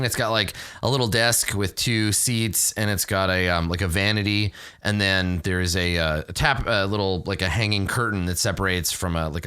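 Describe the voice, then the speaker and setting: Game master man, rambling scene descriptions full of fillers, bright edgy tone. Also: lowish voice, clear, resonant tone. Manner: loose, rambling scene-setting with many fillers. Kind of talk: narrating a tabletop game.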